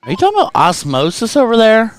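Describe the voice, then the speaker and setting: A teasing man calling a darts stream with a lively, bouncing voice that sits a touch high. His tone is smooth and clear, and he keeps the banter rolling between throws. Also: fast. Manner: joking, teasing, animated. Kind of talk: casual banter commentary. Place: indoor event stream room.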